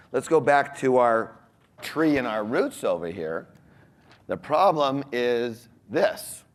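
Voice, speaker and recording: A man giving a motivational seminar talk to a live audience, often asking them questions. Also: medium pitch. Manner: animated, asks the audience questions. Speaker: seminar speaker. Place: large room with a live audience.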